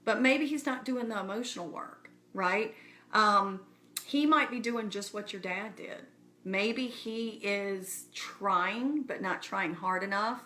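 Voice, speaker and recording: Bright-voiced earnest woman. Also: mid-range voice, unhurried. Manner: earnest, encouraging, speaks straight to viewers. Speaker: speaker addressing her community. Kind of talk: casual live-stream address.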